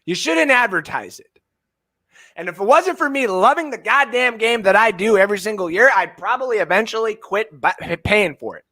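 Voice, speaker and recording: A man from Canada, in his thirties, co-hosts a sports podcast in a loud, profane rant. His voice sits high and bright. He swings between shouting and low muttering. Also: expressive, moderate pace. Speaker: fantasy sports podcast co-host. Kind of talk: ranting podcast chat.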